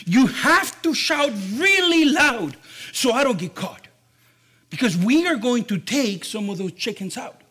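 A man voicing an excitable father in a children's story, with loud, flustered questions. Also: extremely high pitch, unhurried, voice pushed up, full character voice. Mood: scheming.

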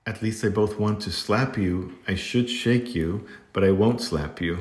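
A deep-voiced man voicing a kind young girl heroine who speaks in a steady, gentle but firm way, in an echoey room. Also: unhurried, close to an everyday voice. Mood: fiery.

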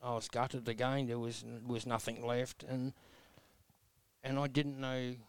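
A man's voice: mid-range voice, flat delivery, measured pace, smooth, no room sound. A man in his sixties with an Australian accent, telling his life story as an interview guest in a blunt, earnest, folksy way. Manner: blunt, earnest, folksy with mild self-mocking humor.

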